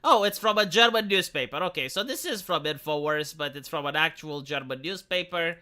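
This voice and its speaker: Male live streamer, higher pitch, rambling and sarcastic, fillers everywhere. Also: brisk, bright, forceful tone. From Romania. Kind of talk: casual political commentary.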